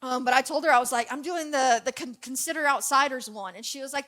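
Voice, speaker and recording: A woman's voice: high voice, lively intonation, quick pace, a bit bright. A young adult woman preaching a casual, joking sermon to her church, telling stories and talking to the crowd. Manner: chatty, jokey storyteller.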